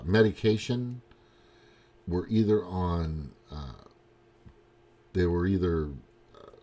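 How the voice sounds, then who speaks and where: A man hosting a livestream from Missouri swears frequently and rambles in disbelief during a casual political rant. His voice sits fairly low and has a warm tone.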